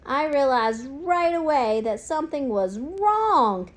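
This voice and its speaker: A woman reading a children's storybook aloud in an expressive, unhurried way. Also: sits high. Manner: expressive, unhurried, with gasps and sudden bursts. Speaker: narrator.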